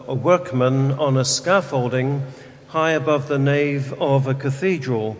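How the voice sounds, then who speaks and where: A man, a Catholic priest, reading the Gospel and preaching a homily in a measured, deliberate way with rhetorical questions, in a large church. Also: mid-range voice, long reverb tail.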